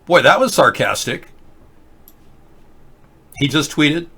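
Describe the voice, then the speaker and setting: A man's voice: fairly high pitch, animated, slow, pushed and bright, slightly rough. A man hosting a casual live political video chat, reading viewer comments and tweets aloud with a sarcastic, rambling manner. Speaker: livestream political show host.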